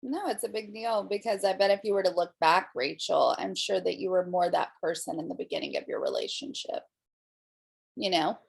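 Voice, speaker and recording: A woman's voice: on the low side, very animated, fairly quick, gravelly, breathy edge. A woman leading a group class, who speaks encouragingly to the group as their coach.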